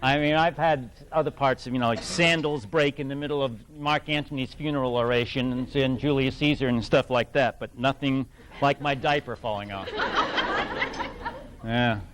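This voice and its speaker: A middle-aged man from New England telling an anecdote to a fan audience, animated and laughing, with many restarts. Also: medium pitch, normal speed, slight background noise. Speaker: guest actor at fan event. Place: event hall with audience.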